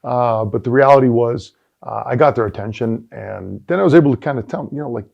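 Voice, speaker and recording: A middle-aged man, a guest on an interview show, telling stories in a casual, animated way with lots of fillers and restarts. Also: medium pitch, fast, creaky, few pauses. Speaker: guest, sales executive and former football player. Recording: dull lo-fi recording.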